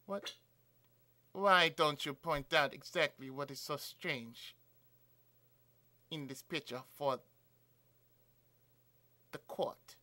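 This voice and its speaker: A man's voice: fairly high pitch, slow pace, long pauses, pushed and bright, no echo, pitched below the performer's own voice, exaggerated voice. A man voicing a haughty, cold young female prosecutor who speaks in clipped, scornful commands. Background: game music.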